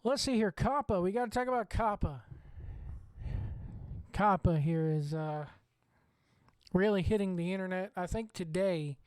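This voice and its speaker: Speaking with a Southern US drawl, this wrestling show host delivers blunt, profanity-laced opinions during a watch-along. His high-pitched voice is smooth and somewhat dark, a little slow, with frequent pauses and no room sound.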